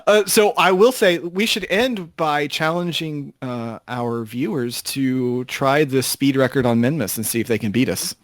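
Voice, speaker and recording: Brief: male co-host, unhurried and hesitant, dry close mic. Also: medium pitch, dry recording. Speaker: co-host, scorekeeper. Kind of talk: casual gaming chat.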